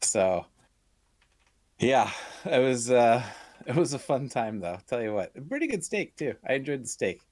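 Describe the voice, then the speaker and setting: A man's voice: mid-range voice, very animated, moderate pace, darkish tone, dry recording. A young man telling a casual, profane story on a podcast, laughing through his punchlines. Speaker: podcast co-host.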